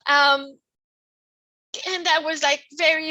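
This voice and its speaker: A middle-aged French Canadian woman hosts her own podcast, talking in a loose, rambling monologue that keeps circling back to "right?" Her voice sits high and sounds bright, and it swings between soft, hushed stretches and loud outbursts. The recording is dry and close. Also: moderate pace, no room sound, rough recording. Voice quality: expressive, laughs often, swings from soft to loud. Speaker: podcast host. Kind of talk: casual personal monologue.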